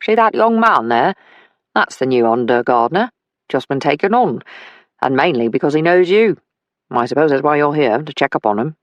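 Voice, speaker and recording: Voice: mid-range voice, animated, moderate pace, no echo, highs cut off, natural voice. A narrator voicing an older working-class father who talks plainly and kindly in an audiobook. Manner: plain, homely speech. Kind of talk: audiobook character voice.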